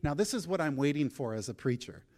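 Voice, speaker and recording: A male pastor preaching a sermon, telling a personal story, acting out his prayers and moving between soft, quiet passages and emphatic, raised ones. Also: a little high, lively intonation, fast talker.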